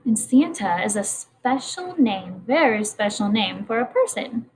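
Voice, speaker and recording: A kindergarten teacher leads a morning message lesson for young children, patient and encouraging. Her voice sits at medium pitch with big swings and a slightly slow pace, and the rough recording carries a little background noise.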